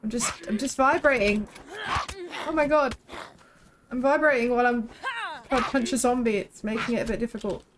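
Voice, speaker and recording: A woman's voice: on the high side, fast, noisy background. Chatty young woman streamer. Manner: chatty, rambling, swears casually. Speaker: game streamer. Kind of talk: casual chat while live-streaming a game.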